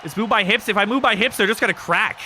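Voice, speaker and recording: A man with a stuffy nose, commentating a wrestling game on a livestream in an excitable, laughing, swearing way and shouting when the action picks up. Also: sits high, fast talker, slight background noise.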